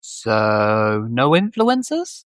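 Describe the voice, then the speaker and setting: A man co-hosting a podcast who trades deadpan, sarcastic quips in comedic banter. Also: mid-range voice, very slow, clear, resonant tone, no echo. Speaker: podcast co-host.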